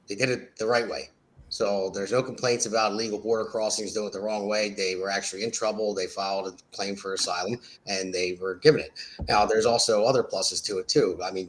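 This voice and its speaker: A man's voice: fairly low pitch, fairly bright tone. A man hosting a talk show segment, talking loosely and rambling. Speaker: show host.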